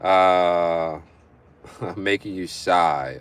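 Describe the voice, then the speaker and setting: A young livestream host with a somewhat low, slightly bright voice talks at normal speed. He chats casually, reads viewers' comments aloud, and laughs a lot as he banters.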